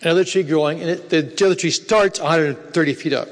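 A man telling a missionary story in a lively, animated way, acting out the voices of the people in it. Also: on the high side, fast talker, long reverb tail. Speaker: missionary speaker. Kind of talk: storytelling talk.

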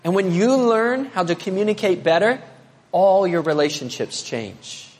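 A pastor delivering a sermon in a high, bright-toned voice. He preaches with animation, pushing up to emphatic peaks and then dropping low. His voice rings out with the long reverb of a large sanctuary. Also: animated, normal speed.

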